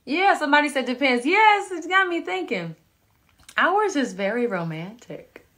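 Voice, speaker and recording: A woman in her thirties hosting a casual live stream from home on a phone, chatting with viewers and reading out their comments in a relaxed, chatty way. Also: high voice, moderate pace. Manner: relaxed, chatty, laughing asides. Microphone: phone camera.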